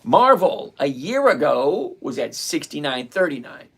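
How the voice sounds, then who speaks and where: A middle-aged man hosting a live trading stream, answering chat questions bluntly and repeating points slowly. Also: a little high, very animated, vocal fry, slightly rough. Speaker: stock trading livestream host.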